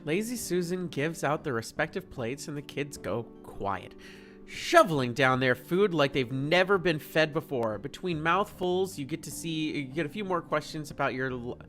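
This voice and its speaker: A streamer narrating a fan story with an animated, wide-ranging pitch and playful energy. Faint music plays behind the reading. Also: moderate pace.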